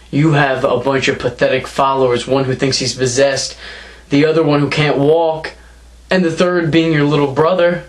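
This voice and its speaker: A young man cuts a wrestling promo in a mid-pitched voice. He taunts and mocks his rival throughout, trash-talking him directly.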